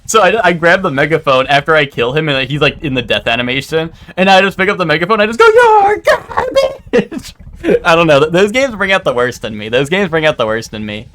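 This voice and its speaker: A young man streaming live, chatting casually and rambling, with animated bursts into loud outbursts. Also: fairly high pitch, fast talker, few pauses.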